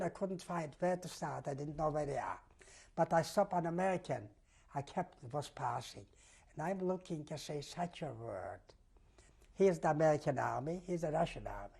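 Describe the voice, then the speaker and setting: An older man giving an oral history testimony in halting, non-native English, often repeating himself as he retells events vividly. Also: fairly high pitch, vocal fry, a little mellow, husky. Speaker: testimony giver.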